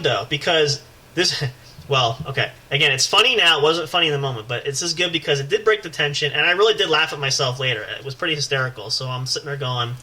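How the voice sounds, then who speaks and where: A man co-hosting a podcast, telling a story in an animated, rambling way, with swearing and constant restarts. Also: on the high side, rough recording. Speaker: podcast co-host. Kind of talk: casual podcast banter.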